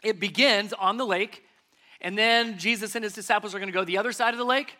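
Bright, high-voiced man preaching. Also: fairly even intonation, quick pace. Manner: emphatic, repeating key phrases for stress. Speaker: pastor. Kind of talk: sermon.

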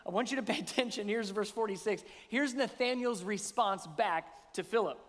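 A man's voice: high-pitched, normal speed, fairly bright tone, big-room sound. A man, preaching a conversational sermon as pastor and often asking rhetorical questions.

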